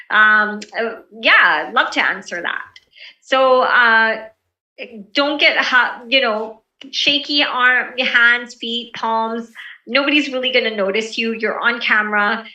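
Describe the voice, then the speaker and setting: A woman teaching a presentation skills class over a video call, relaxed and encouraging, with many fillers. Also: fairly high pitch, roomy sound, recorded from a distance, poor audio.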